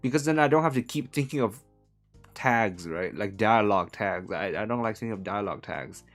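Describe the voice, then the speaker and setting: A man from Hong Kong chats his way through a live translation stream, rambling and correcting himself as he goes. His pitch swings in a lively, animated way, and he chuckles often. Soft guitar music plays faintly behind him. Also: brisk. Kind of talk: casual live-stream chat.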